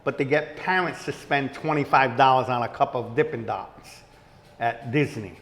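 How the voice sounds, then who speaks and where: Rambling male co-host with halting speech. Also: medium pitch, a bit bright. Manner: rambling, halting, filler-heavy. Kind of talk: casual comedic chat. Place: local venue with live audience. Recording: room with long reverb.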